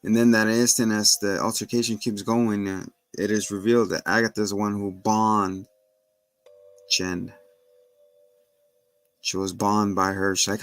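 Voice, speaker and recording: A man, a parent, casually recapping a TV episode and retelling its scenes with quick asides. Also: level tone, faint music behind, poor audio. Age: adult with children. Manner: retells scenes and acts out the characters' lines in a higher voice. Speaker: show host recapping a TV episode. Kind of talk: casual recap with acted quotes.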